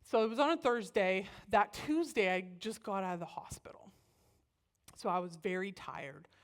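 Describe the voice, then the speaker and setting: A woman speaker giving a personal storytelling talk at a church, animated and acting out the voices she quotes. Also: medium pitch, normal speed.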